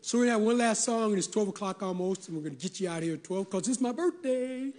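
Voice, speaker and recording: A man's voice: high voice, fast, a little mellow. A male pastor preaching a folksy, emphatic sermon to his congregation, slipping into quoted voices.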